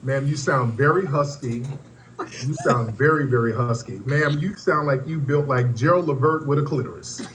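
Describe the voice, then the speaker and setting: A man's voice: mid-range voice, normal speed, a bit bright, slight background noise. A man hosting a live stream and roasting a caller, teasing her and repeating "ma'am" in a mocking way. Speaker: host.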